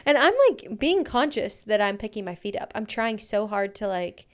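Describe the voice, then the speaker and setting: Smooth-voiced woman telling an animated story. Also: mid-range voice. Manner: animated, fast anecdotes full of "like". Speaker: podcast co-host. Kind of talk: casual storytelling chat.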